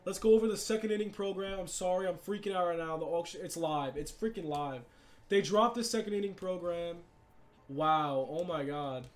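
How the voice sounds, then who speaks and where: A young man commenting on a sports video game, hyped and slangy, swinging from shouts to mutters. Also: high-pitched, moderate pace. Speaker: gaming YouTuber.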